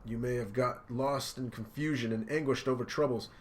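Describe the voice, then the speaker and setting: A man's voice: mid-range voice, steady tone, normal speed, slight background noise, voice pushed up, lightly acted. A man voicing a grieving young man who pleads through tears, his voice pushed up and strained. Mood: anguished.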